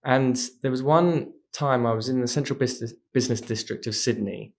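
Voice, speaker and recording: A man, a podcast guest telling stories in a casual, animated way. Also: medium pitch, brisk. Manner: animated, acts out voices in anecdotes. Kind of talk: casual storytelling chat.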